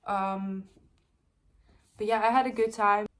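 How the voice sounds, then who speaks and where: A woman's voice: mid-range voice, fairly even intonation, takes it slowly. A young woman from the Netherlands, chatting casually through a book review with lots of fillers. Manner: chatty, rambling, lots of ums and likes.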